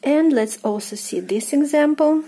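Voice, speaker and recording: A woman's voice: high voice, animated, moderate pace, mellow. A native Russian woman with a Russian accent, teaching pronunciation patiently, repeating each word several times with frequent hesitant fillers. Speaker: language teacher. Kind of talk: pronunciation lesson.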